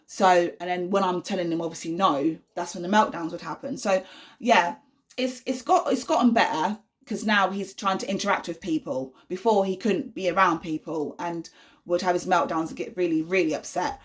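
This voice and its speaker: A young woman in a casual vlog, chatting straight to camera about everyday life as a mum. Her voice sits a little low, and she talks in an earnest, reassuring way. She leans on plenty of ums and you-knows. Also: normal speed. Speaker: vlogger, mother of an autistic son.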